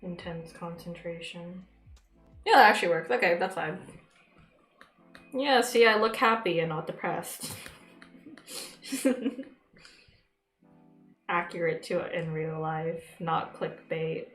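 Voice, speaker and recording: A woman's voice: fairly low pitch, slow, pauses often, a bit bright. A woman streamer chatting casually while she draws, rambling and tossing off sarcastic asides. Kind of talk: casual chat while drawing. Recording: roomy with faint music.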